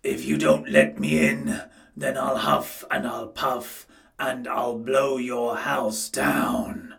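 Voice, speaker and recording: A man reading a storybook aloud and voicing a hungry, scheming male wolf in a low, gruff growl. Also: takes it slowly, fairly bright tone, recorded from a distance. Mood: menacing.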